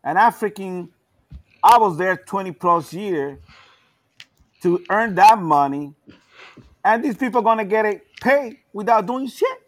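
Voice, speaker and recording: A man's voice: high-pitched, animated, measured pace, long pauses. A man with a foreign accent, a veteran arguing politics in heated casual talk and cutting in on others. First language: not English. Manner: heated, swearing, talks over others. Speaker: veteran caller.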